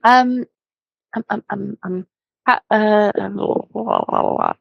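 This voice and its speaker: Hesitant, gravelly-voiced woman player. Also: mid-range voice, slow, no room sound, highs cut off. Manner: hesitant, many ums and apologies. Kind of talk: playing a tabletop game.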